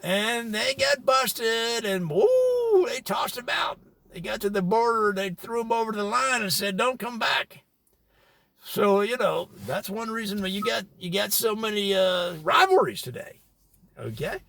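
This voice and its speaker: A man's voice: high-pitched, very animated, a little slow, creaky, a bit bright. A man hosting a parody spotlight, rambling with mock authority and chuckling at his own tangents. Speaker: comedic presenter. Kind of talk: improvised deadpan parody spotlight.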